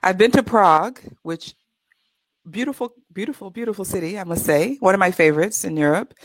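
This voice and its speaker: This Californian English tutor, speaking with a Californian American accent, chats in an upbeat, easy way during a casual interview. Her voice sits at medium pitch and moves a little fast. There's no room sound, though the recording is rough.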